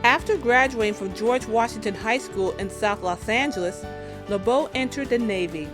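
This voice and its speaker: A woman's voice: on the high side, moderate pace. A woman hosting an entertainment show, narrating a music tribute segment in a conversational way with a few fillers and restarts. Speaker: show host.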